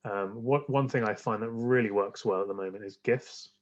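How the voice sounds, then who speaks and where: A man's voice: fairly low pitch, brisk, dull audio. A man, a guest on a podcast, chatting casually and rambling with many fillers and restarts. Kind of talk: casual interview chat.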